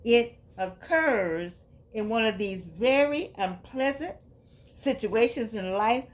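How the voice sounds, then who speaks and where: A woman's voice: fairly high pitch, expressive, takes it slowly. Chatty woman reading aloud and riffing. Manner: reads passages aloud, then riffs on them conversationally; grows quiet and subdued. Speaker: vlogger reading and commenting on a book. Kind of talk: casual reading and commentary.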